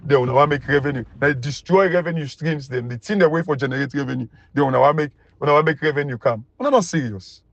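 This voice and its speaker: A Sierra Leonean man speaking in Krio-accented English, giving a mocking, emphatic political rant that keeps jumping high when he is incredulous. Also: quick pace, gravelly, few pauses, no room sound, highs cut off. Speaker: political commentator.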